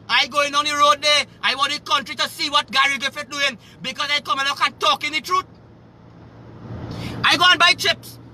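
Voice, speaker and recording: A Trinidadian man delivering an agitated, profane, repetitive rant on a live stream, often shouting. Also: very high-pitched, a little hiss or hum. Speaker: livestreamer.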